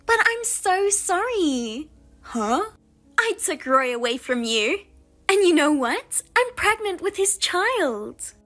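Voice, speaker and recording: A woman's voice: sits high, very animated, slow pace, a bit bright, soft background music, heavily acted. A woman voicing a scheming younger sister who mocks and taunts in a sing-song way. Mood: gloating.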